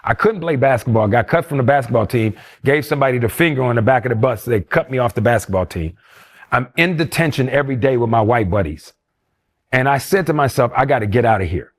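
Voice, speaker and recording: A man's voice: mid-range voice, fast talker. A man, telling stories from his youth in an interview and acting out the voices of the people he quotes. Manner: animated storyteller who acts out quoted voices. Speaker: interview guest. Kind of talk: storytelling interview.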